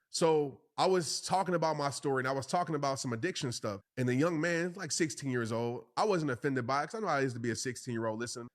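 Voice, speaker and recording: A man hosting a motivational podcast, preaching to listeners in an emphatic voice and repeating phrases for stress. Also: mid-range voice. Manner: addresses listeners directly as "y'all" and "bro". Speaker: podcast host and motivational speaker.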